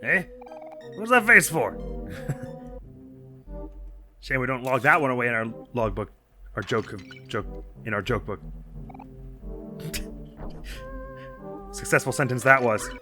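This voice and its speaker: A man's voice: mid-range voice, slow pace, long pauses, over music. A man commenting casually on a video game as a let's play host, laughing often and reading the game text aloud.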